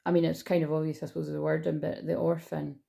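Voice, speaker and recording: Gravelly low-voiced woman rambling on. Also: little pitch movement, quick pace, mellow. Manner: chatty, rambling, full of restarts and fillers. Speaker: spiritual healer reading oracle cards. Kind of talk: casual rambling card-reading chat.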